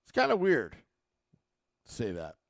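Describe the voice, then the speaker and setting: A man's voice: mid-range voice, unhurried, creaky, dry recording, studio quality. A man hosting a sports podcast, talking casually and animatedly to his listeners. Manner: animated, mocks fans with a put-on accent. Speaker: podcast host.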